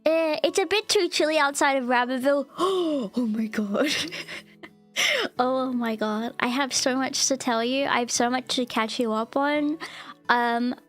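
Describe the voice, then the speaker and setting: Giggly high-voiced woman streamer. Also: normal speed, soft background music. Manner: giggly, gushing, repeats herself. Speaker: VTuber streamer. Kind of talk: casual live-stream chat.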